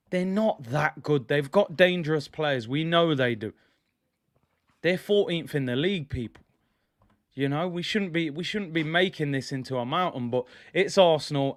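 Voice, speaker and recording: A young man hosting a live football watch-along, chatting excitedly to viewers in slang. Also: fairly high pitch, dry recording, clean studio sound. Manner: excitable, slang-heavy, addresses viewers directly. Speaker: football fan channel host.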